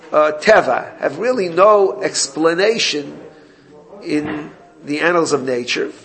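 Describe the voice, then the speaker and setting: Gravelly man teaching a Torah class. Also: fairly high pitch, fairly bright tone. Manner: explanatory, reads Hebrew text then translates.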